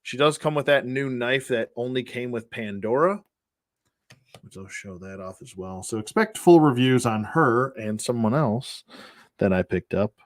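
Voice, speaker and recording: A man's voice: mid-range voice, animated, moderate pace. A middle-aged man from the Buffalo area hosting a casual toy-collecting livestream, rambling, laughing often and greeting viewers by name. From Buffalo, New York area.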